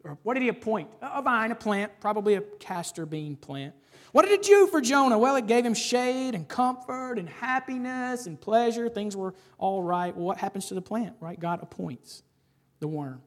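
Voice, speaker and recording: A man preaching a sermon in a conversational, animated way, often checking in with his listeners and rising to stress points. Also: high-pitched, normal speed. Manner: conversational, frequent "right?" asides. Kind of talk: expository sermon.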